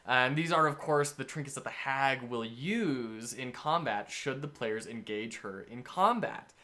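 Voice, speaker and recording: A man's voice: mid-range voice, a little slow, pushed and bright. A man in casual game-prep talk, describing a scenario as game master with enthusiastic, rambling storytelling.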